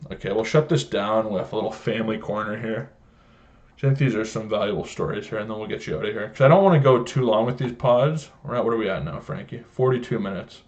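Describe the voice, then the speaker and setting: A young man from Canada hosting a podcast, telling rambling stories in casual, heavily profane chat. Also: fairly low pitch. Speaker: podcast host. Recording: slightly dull lo-fi sound.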